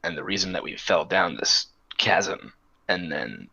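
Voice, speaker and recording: Brash male player on a voice call, very low voice that swings widely, swearing and joking. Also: big pitch swings, unhurried, gravelly, bright, forceful tone, slightly rough, lo-fi sound. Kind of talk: casual game chat. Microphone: online voice call.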